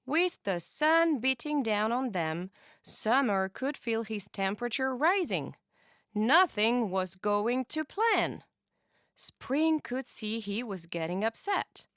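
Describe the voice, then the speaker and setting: A woman teacher reading a children's storybook aloud in an expressive, animated way. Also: mid-range voice, takes it slowly, no echo, studio quality.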